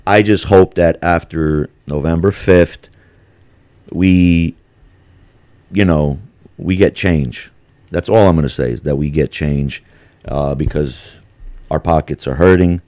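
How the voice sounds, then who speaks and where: A man's voice: rumbling low, slow pace, pauses often, darkish tone, no echo. A man hosting a casual podcast chat, swearing and joking and slipping into mocking impressions. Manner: profane, jokey, slips into mocking impressions. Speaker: podcast host.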